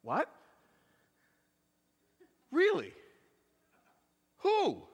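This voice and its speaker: A man voicing a flustered woman hairstylist who bursts into excited, disbelieving exclamations, recorded in an echoey hall. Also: extremely high pitch, a little slow, lo-fi sound, full character voice. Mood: astonished.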